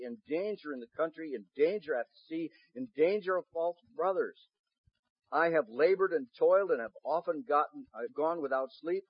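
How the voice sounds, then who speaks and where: A man preaching a sermon, reading scripture slowly and building to loud, emphatic passages, sometimes having the congregation repeat phrases after him. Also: a little high, husky, no echo, dull audio. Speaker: pastor.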